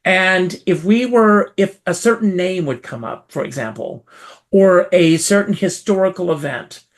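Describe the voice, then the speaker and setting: A South Carolina man who performs, speaking as an interview guest and telling his story with lively, theatrical emphasis. His voice sits high and moves a little slowly.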